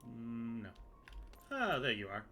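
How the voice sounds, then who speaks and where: A man chatting through a game stream, his voice bouncing up and down with animated inflection. He rambles and cracks profane jokes, and game music plays clearly underneath. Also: mid-range voice, slow pace. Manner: rambling, joking, casually profane. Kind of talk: casual gameplay commentary.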